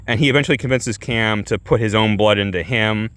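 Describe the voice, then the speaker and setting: A man's voice: fairly low pitch, brisk, fairly bright tone, clean tone. A young adult man casually reviewing a movie, rambling with restarts, constant filler words and swearing.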